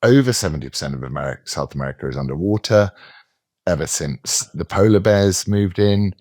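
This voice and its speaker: A man's voice: expressive, fairly quick, darkish tone, dry recording, clean studio sound. A man putting on a sarcastic, exaggerated voice of a preachy male climate activist. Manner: sarcastic, exaggerated, high falsetto-ish lilt.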